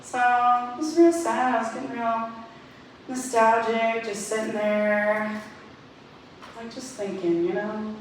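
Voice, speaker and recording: A fairly high-voiced woman doing stand-up, spinning dark family stories with a deadpan edge and frequent laughter. She sounds far from the mic in a very echoey space, with a faint hiss underneath. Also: slow pace, long pauses. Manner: dark deadpan jokes, often breaking into laughter. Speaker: stand-up comedian. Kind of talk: stand-up storytelling.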